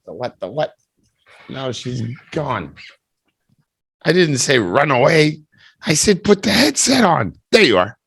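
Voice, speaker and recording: A man's voice: medium pitch, sing-song, slow pace, long pauses, fairly bright tone, slightly rough, no echo. Playful male teacher on a video call. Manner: teasing, chatty, playful. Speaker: English teacher. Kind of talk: online speaking test over video call.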